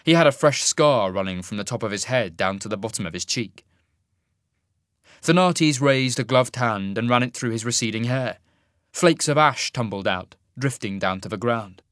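A man narrating a fantasy audiobook with an expressive storytelling delivery. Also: mid-range voice, normal speed, dry recording, clean studio sound.

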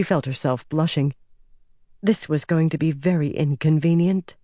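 A man narrating a fantasy audiobook in an even, measured storytelling voice. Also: a little high, dry recording, clean studio sound.

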